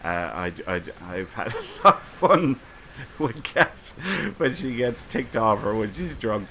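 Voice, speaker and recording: A man's voice: fairly low pitch, big pitch swings, unhurried, sharp tone, a little hiss or hum. A man hosting a casual livestream, telling rambling anecdotes full of fillers and chuckles. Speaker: streamer and community host. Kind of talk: casual livestream chat, reading chat comments.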